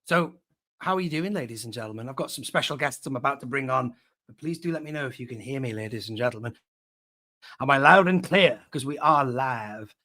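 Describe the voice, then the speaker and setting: A man's voice: medium pitch, expressive, fairly quick, sharp tone. A man hosting a live online fan show, chatting casually and reading out viewer names. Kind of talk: casual live-stream chat.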